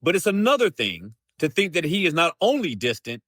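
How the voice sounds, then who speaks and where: A man hosting a live Bible study, reading scripture aloud and explaining it in a slow, deliberate way, often restating himself. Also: on the high side, huge pitch swings, fairly bright tone, no echo, clean studio sound. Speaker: host of a Bible study show.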